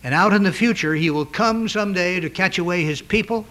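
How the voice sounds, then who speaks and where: A man delivers a sermon from the pulpit in an earnest, emphatic way. His voice sits a little on the high side, and he now and then pauses with small hesitations before pressing his point. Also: fairly bright tone. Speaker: pastor.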